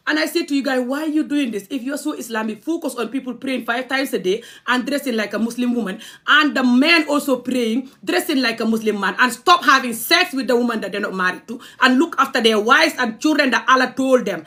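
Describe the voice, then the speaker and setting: A woman's voice: high voice, brisk, fairly bright tone. A young adult woman from the Gambia, ranting angrily on a livestream. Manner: impassioned, angry, confrontational. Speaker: vlogger. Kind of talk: livestream rant.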